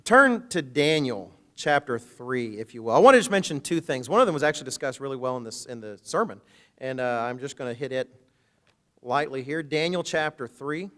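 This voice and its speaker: A man preaching a sermon, reading scripture aloud and commenting in a conversational, joking way. He swings between loud emphatic quotations and low, hushed asides. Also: animated, a little fast. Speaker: minister.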